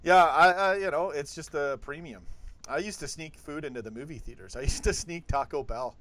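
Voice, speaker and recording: A man's voice: on the high side, a little fast, a bit bright, slight background noise. A man from Canada hosting a live football chat stream, chatty as he reads out donations and chat messages. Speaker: host.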